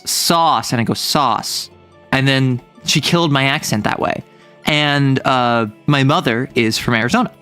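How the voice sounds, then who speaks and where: A man's voice: mid-range voice, a bit bright. A young man streaming and chatting casually with viewers, rambling with lots of fillers and self-corrections. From US Northeast, near New York City. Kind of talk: casual livestream chat reading chat.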